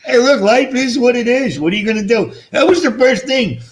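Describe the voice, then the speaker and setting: A man's voice: very high voice, animated, a little fast, slight background noise. A middle-aged man hosting a casual fish-keeping livestream, rambling and self-mocking, swearing freely, his speech shaped by missing front teeth. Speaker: fish-keeping channel host.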